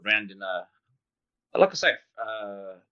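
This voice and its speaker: A man casually recounting a flight, talking in an animated, rambling way with sound effects and restarts. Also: fairly low pitch, measured pace, clear, resonant tone. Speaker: guest pilot recounting a sighting. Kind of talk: casual storytelling. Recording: dull lo-fi sound.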